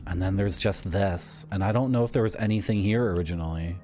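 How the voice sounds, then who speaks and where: A man's voice: low voice, brisk, dark tone. A man streaming a game, telling a rambling, wry story as he plays. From Southern Ontario, Canada. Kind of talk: casual gameplay commentary. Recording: faint music behind.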